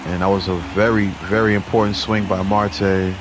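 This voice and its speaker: A young man giving play-by-play commentary over a baseball video game, chatty with viewers and lively on big plays. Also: low-pitched, normal speed, over music. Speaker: gaming channel host.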